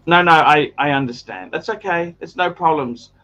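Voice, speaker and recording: A man's voice: fairly high pitch, normal speed, sharp tone, muffled recording. An Australian man hosting a livestream in casual chat, earnest and repetitive, stumbling over restarts. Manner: earnest, repeats himself, stammers on restarts. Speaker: livestream host.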